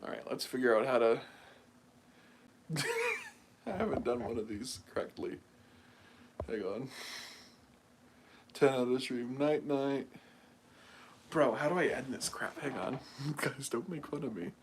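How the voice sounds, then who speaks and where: This young US livestream host speaks unhurriedly in a medium pitch, pausing often, with slight hiss or hum in the background. He rambles casually with lots of fillers, sounding animated and mocking.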